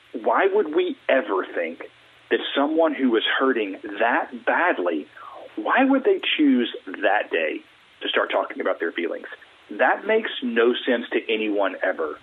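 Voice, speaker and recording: Husky man on a tinny phone line. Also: lowish voice. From Alabama, US Deep South. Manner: animated, acts out quoted small talk. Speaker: guest, mental wellness coach. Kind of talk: earnest casual talk.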